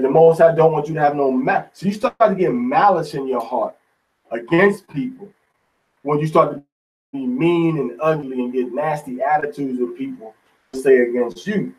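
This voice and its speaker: A man's voice: a little high, moderate pace, darkish tone, recorded from a distance, rough recording. A man teaching a Bible study in an informal, folksy sermon style, often tagging lines with "man".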